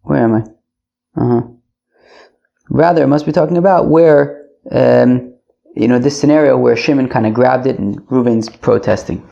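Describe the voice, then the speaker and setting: A man's voice: mid-range voice, moderate pace, mellow, dull audio. A man teaching a casual Talmud class, loose and chatty, sprinkling in Yiddish and Aramaic terms. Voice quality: gravelly.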